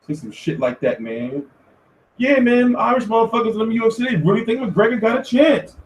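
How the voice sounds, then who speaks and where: A man hosting a casual commentary show, talking in an animated, profane rant. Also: very high voice, a little fast, a little hiss or hum. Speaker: host. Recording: echoey room, far from mic.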